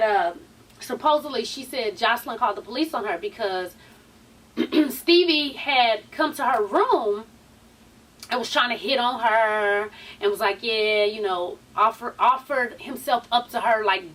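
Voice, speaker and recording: A woman's voice: fairly high pitch, measured pace, a bit bright, far from the mic. A woman hosting a casual recap vlog, chatty and sassy, swearing freely and calling her viewers "honey". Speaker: YouTube TV show recap host.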